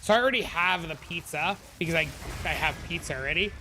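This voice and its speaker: A man streaming a game live, chatting casually with viewers, answering chat and telling animated stories, on a desk microphone at home. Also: a little high, fast talker, soft background music.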